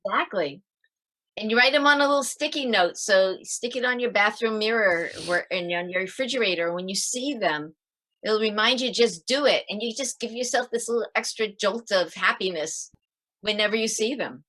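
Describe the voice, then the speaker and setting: Middle-aged woman, bright voice, animated parenting advice over a video call. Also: medium pitch, moderate pace. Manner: lively, acts out her advice with sighs and demonstrations. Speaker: parenting author guest. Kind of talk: animated interview talk.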